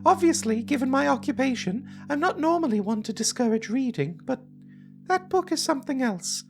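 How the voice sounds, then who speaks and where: A man voicing a prim female librarian in a high falsetto with an English accent. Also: animated, normal speed, creaky, faint music behind, full character voice. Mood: stern.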